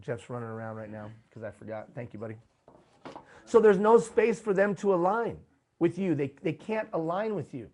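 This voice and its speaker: A man's voice: a little high, animated, normal speed, darkish tone. A man presenting a live workshop, talking emphatically and putting rhetorical questions to his audience. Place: live event room.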